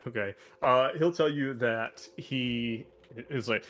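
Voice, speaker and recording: A man's voice: medium pitch, slow pace, a bit bright. A man running a tabletop game as game master, describing the scene to the players.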